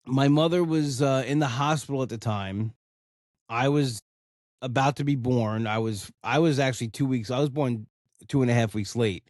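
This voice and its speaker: A man hosts his own podcast in a loose, rambling way, circling back on his words with "you know" as he goes. His voice sits at an ordinary middle pitch. The sound is dry and close, with no room around it. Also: normal speed, a little mellow, no room sound. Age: 40s. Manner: rambling and heartfelt, lots of "you know" fillers. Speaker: podcast host. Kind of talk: casual solo podcast talk.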